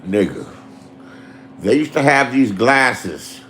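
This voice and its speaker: A middle-aged man, telling profane street stories in a loose, animated way. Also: mid-range voice, takes it slowly, a little hiss or hum. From Inglewood, Los Angeles. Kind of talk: casual storytelling.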